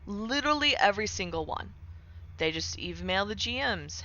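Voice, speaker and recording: A woman's voice: mid-range voice, animated, moderate pace, pushed and bright, muffled recording. A young woman streaming casually, chatting with her viewers, peppering her talk with "right?" and sarcastic asides. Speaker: streamer reading chat. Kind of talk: casual live-stream chat.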